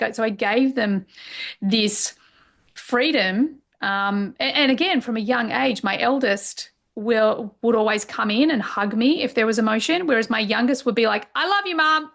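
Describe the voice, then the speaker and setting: A middle-aged woman coach, a podcast guest, sharing personal stories openly and emotionally, with lots of fillers. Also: mid-range voice. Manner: open and emotional, many fillers. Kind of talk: candid personal conversation.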